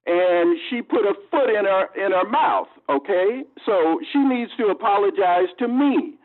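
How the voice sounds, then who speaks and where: Hostile male caller, high-pitched, on a phone line. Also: expressive, unhurried. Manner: confrontational, insulting, mocking. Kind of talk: heated call-in argument. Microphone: phone call.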